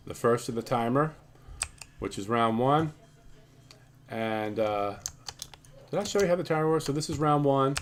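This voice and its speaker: A man of middle pitch talks through his card game's rules in a relaxed, meandering tutorial. He stops and restarts sentences and fills gaps with ums and uhs, with faint keyboard clatter in the background. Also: a little hiss or hum. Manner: loose and rambling, frequent ums and restarts. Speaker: game creator explaining his card game. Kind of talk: casual tutorial walkthrough.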